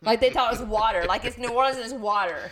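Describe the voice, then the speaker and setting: A woman's voice: a little high, fast talker, a loud crowd. Chatty woman. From Louisiana. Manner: chatty, agreeable, laughs often. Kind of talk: casual chat.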